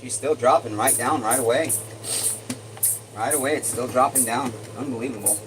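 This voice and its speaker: A man's voice: medium pitch, moderate pace. A man streaming live from his repair workshop, talking casually while he works and muttering curses under his breath. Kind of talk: casual livestream talk while working. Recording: steady air-conditioning hum.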